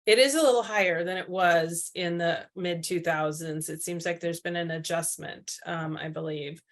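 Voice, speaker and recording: A woman's voice: fairly low pitch, fairly even intonation, normal speed. A woman co-presenting a teacher training, speaking casually with many fillers.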